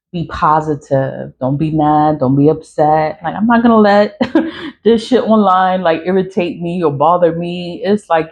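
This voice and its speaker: A woman's voice: deep voice, a little mellow. A woman in her forties speaking frankly to her phone camera in a casual vlog rant, swearing and laughing often. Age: 40s. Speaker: online creator.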